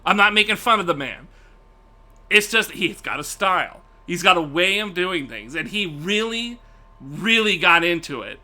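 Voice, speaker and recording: High, animated streamer man. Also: moderate pace. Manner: animated, profane, laughs often. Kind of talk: casual live-stream rant.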